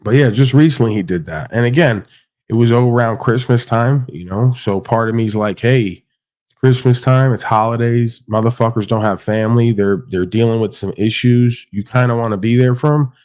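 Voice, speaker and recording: A man's voice: medium pitch, normal speed, a little mellow. A man hosting a livestream panel, ranting bluntly with lots of swearing and acting out quoted exchanges. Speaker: podcast host. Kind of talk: casual livestream rant.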